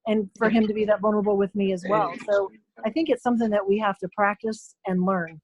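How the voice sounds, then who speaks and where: A woman's voice: medium pitch, steady tone, fast talker, low-quality recording. A woman guest on a talk show who speaks earnestly and thoughtfully, with a few fillers. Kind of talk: casual talk show chat.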